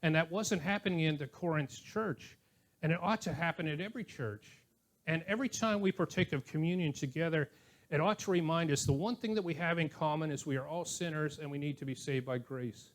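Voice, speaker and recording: A man's voice: fairly high pitch, a little fast. An older man preaching a sermon as pastor, conversational and anecdotal, with chuckling asides. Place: church.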